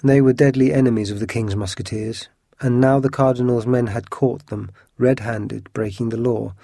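A man narrating a classic adventure story in an even, measured storytelling manner. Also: mid-range voice, vocal fry, no room sound, studio quality. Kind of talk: storybook reading.

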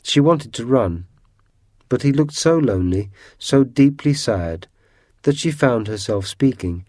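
A man narrating a storybook aloud in a calm, measured way. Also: medium pitch, no room sound, studio quality. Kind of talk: storybook reading.

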